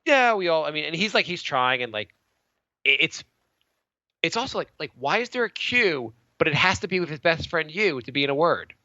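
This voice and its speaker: Man in his thirties, podcast co-host; rambling, animated, bright edge, slightly high; lo-fi dry recording. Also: fairly quick, dry recording. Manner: rambling, animated, many restarts and stammers. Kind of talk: casual chat. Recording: dull lo-fi dry sound.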